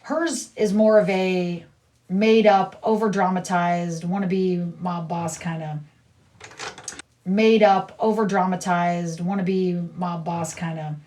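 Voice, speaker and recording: A woman's voice: on the low side, fairly even intonation, takes it slowly, darkish tone, far from the mic, a little hiss or hum. A middle-aged woman livestreaming, chatting casually in a blunt, rambling way and repeating herself.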